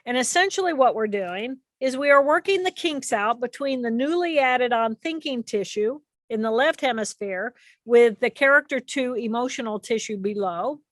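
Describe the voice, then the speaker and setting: A woman with a high, bright-pitched voice gives an animated explanatory talk to an audience. She repeats phrases for emphasis, and the sound is close and dry. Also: moderate pace, no room sound. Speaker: speaker presenting to an audience.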